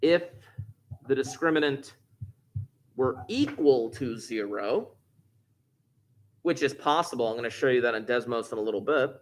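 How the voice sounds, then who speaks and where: A man's voice: mid-range voice, expressive, normal speed, long pauses, slight background noise. A man teaching a class, explaining step by step and repeating key points, recorded in a classroom. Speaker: math teacher. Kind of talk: classroom lecture.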